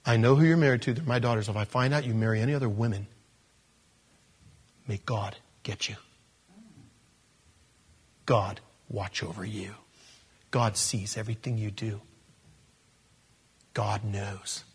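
A man's voice: medium pitch, racing, few pauses, voice pushed down, lightly acted. A man doing a scheming, manipulative father-in-law. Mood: menacing.

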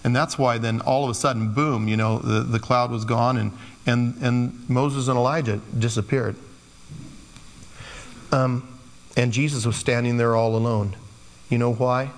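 A man preaching a sermon with a mid-pitched voice, talking in a loose, conversational way and slipping into playful quoted asides. His voice rings out with a long reverb tail, as in a large hall. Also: steady tone, a little slow. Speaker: pastor.

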